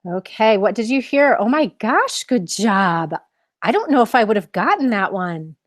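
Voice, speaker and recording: A woman's voice: medium pitch, big pitch swings, moderate pace, dry recording, studio quality. A woman leading a live online mindfulness lesson for children, encouraging them and asking many questions. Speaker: mindfulness teacher.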